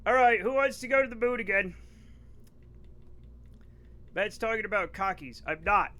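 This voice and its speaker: A man's voice: high-pitched, expressive, normal speed, pushed and bright. A man with a New England accent chatting casually and animatedly on a live game stream, joking with his viewers. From northeastern United States.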